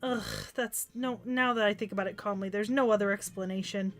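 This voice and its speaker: A woman's voice: mid-range voice, steady tone, a little fast, a bit bright, soft background music, close to an everyday voice. A woman reading the lines of a proud, short-tempered young pharaoh queen from a game, in a haughty, indignant way. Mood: apologetic.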